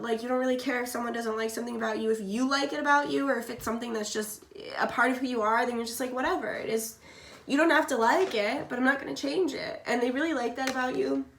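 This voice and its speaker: Woman doing a tarot reading, kinda high voice, blunt n swears a lot, sick and coughy, echoey room w faint hiss. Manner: blunt, swears freely, chatty. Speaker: tarot reader. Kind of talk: casual tarot reading monologue.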